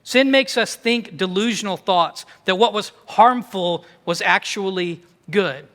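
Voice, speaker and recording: A male pastor preaching a sermon to his church in an emphatic, conversational way, with quick asides. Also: sits high, fairly bright tone, in a large hall. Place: church sanctuary.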